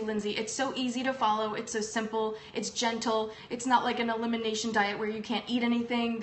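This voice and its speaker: A woman's voice: fairly high pitch, fairly bright tone. Chatty woman in an echoey room. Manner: upbeat and chatty, many ums. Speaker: host. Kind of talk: casual livestream product talk. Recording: echoey room with faint background noise.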